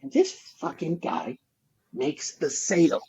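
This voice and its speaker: A man's voice: a little high, wildly swooping pitch, slow pace, vocal fry, mellow, slightly rough. A man, a podcast guest, telling rambling stories about his sales jobs in a casual, profane way, full of fillers. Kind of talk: casual anecdotal storytelling. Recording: dull lo-fi podcast audio.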